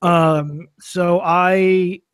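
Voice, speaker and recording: High-voiced man telling a rambling story. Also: fairly even intonation, extremely slow, a bit bright, smooth, dry recording, clean studio sound. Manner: rambling anecdote with many fillers and restarts, swearing, laughing through it. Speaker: podcast guest or co-host. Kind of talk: casual storytelling on a podcast. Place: studio filmed for video.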